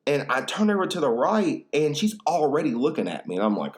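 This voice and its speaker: A man's voice: medium pitch, big pitch swings, fast talker, few pauses. A young adult man hosting a solo podcast, telling stories in a rambling, profane way with laughs. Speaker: podcast host. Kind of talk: casual solo podcast chat.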